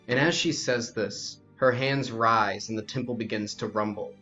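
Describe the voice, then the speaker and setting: A man narrating a tabletop role-playing game as game master, in slow, descriptive second-person narration, on a lo-fi recording with faint music. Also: on the low side, steady tone, pushed and bright.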